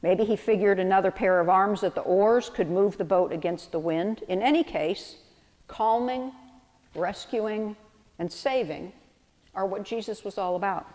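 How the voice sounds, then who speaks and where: A woman's voice: mid-range voice, measured pace, darkish tone, big-room sound. A woman pastor delivering a sermon, reflective and storytelling with vivid analogies.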